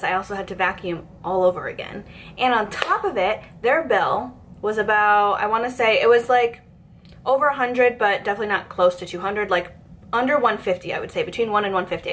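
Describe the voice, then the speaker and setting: A woman's voice: medium pitch, fairly bright tone, a little hiss or hum. A woman in her twenties telling a work story, chatty and exasperated, with lots of fillers. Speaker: vlogger. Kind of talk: storytime rant.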